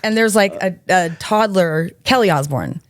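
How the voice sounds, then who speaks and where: A woman guest telling stories in a casual chat, animated and acting out what others said. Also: mid-range voice, normal speed, dry recording, clean studio sound. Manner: animated storyteller, acts out quotes. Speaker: guest, author. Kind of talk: casual storytelling.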